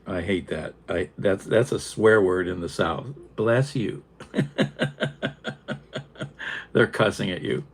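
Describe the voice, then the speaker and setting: An older man from Northeast Ohio, with that region's flat accent, chats casually with live viewers, wry and sarcastic, chuckling as he rambles. His deep, slightly rough voice moves slowly, with frequent pauses.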